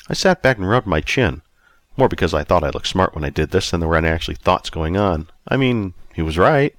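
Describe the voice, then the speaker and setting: A man's voice: low voice, lively intonation, a little fast, a bit bright, no room sound. A man narrating a first-person story aloud in a wry, self-mocking way. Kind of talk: audiobook reading.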